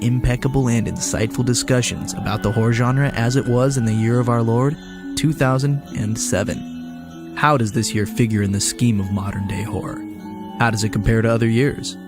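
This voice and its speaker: A man's voice: fairly low pitch, steady tone, moderate pace, over music. Man reading a mock-grand podcast intro. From Washington state, US. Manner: wordy, mock-grand delivery. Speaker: guest host.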